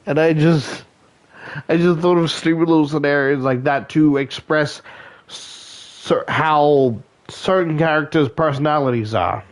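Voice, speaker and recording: A man's voice: on the high side, a little slow. A young man chatting casually late at night, tired and loopy, rambling and self-mocking, filling his talk with "like" and "right?". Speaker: gaming video creator.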